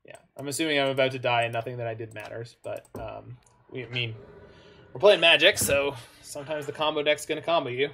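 A man's voice: medium pitch, steady tone, a little fast, vocal fry, sharp tone. A man giving casual commentary on his own online card game matches, thinking aloud with frequent self-corrections and asides.

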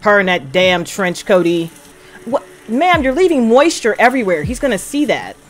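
A woman's voice: medium pitch, sing-song, moderate pace, slight background noise. A woman with hosting a casual reaction video, profane and emphatic, talking back to the screen. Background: drama audio playing underneath.

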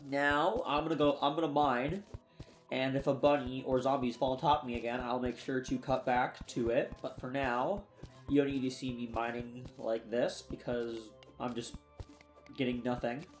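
A young let's play gamer, tired and yawning, casually pokes fun at his own gameplay while chatting to himself. His medium-pitched voice stays fairly even at a moderate pace, over faint background music.

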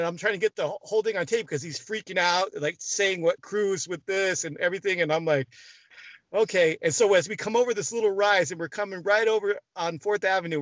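A man's voice: high-pitched, dry recording. A man talking as a guest in a casual interview, telling a long story with frequent restarts and casual swearing. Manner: animated, restarts often, swears freely. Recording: dry, dull lo-fi sound.

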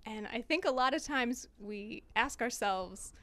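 A woman's voice: a little high, expressive, a little slow, sharp tone. A woman in a church retreat discussion, sharing a reflection on scripture in an earnest, thoughtful way. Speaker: retreat participant. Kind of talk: casual faith discussion.

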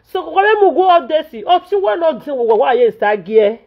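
A woman's voice: sits high, lively intonation, moderate pace. A Nigerian woman vlogger, venting in Pidgin English and scolding repetitively in an indignant tone. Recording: dull lo-fi audio.

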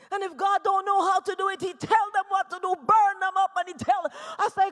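A man with a Nigerian accent preaching a fervent sermon in a large church hall, swinging between loud shouts and hushed passages. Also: very high-pitched, steady tone, normal speed. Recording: long reverb of a church hall.

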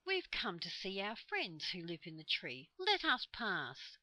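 A woman's voice: mid-range voice, wildly swooping pitch, a little slow, pushed and bright, no echo, heavily acted. A woman voicing a brave, indignant young boy in a storybook reading.

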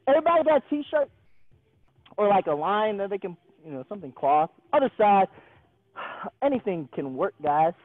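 A man's voice: high voice, sing-song, moderate pace, pauses often, dry recording. A male gymnastics coach leading an online class over a video call, upbeat and encouraging, counting reps aloud and joking with the kids. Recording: tinny phone-like video call audio.

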